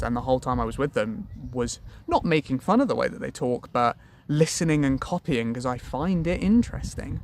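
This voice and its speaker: A man's voice: mid-range voice, slight background noise. Chatty, colloquial male sales trainer. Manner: lively, colloquial, self-deprecating. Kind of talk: advice talk to camera.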